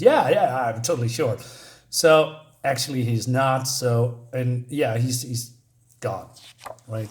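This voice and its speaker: A man casually reviewing a comic book, sarcastic and exasperated, rambling with many fillers and reading dialogue aloud. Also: medium pitch. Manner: reads dialogue aloud in quick snatches.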